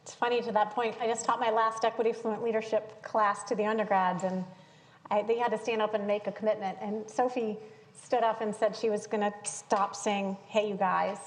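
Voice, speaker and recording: A woman's voice: mid-range voice, flat delivery, brisk. A woman from the American South interviewing a guest onstage in front of an audience, chatty and laughing easily. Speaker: interviewer, center director. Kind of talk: onstage conversation. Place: lecture hall with audience. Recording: long hall reverb, faint noise.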